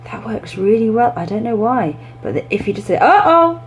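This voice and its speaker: A young woman, an English teacher, giving classroom tips in a chatty way, breaking into lively demonstrations. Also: medium pitch, a little fast, slight background noise, poor audio.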